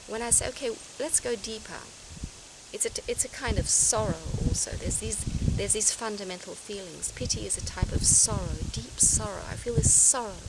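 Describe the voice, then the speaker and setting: A woman's voice: medium pitch, normal speed. Earnest woman musing aloud outdoors. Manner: earnest, searching, restarts often, laughs softly. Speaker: vlogger. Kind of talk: reflective personal talk to camera. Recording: outdoor noise behind voice.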